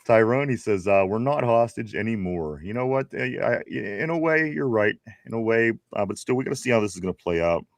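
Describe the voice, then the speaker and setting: A man's voice: fairly low pitch, animated, a little fast, creaky, few pauses, no echo. Laid-back man reading live chat. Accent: Pittsburgh. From Pittsburgh area. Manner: laid-back, laughs often, reads chat messages aloud. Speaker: podcast host. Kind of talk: casual live-stream chat reading viewer comments.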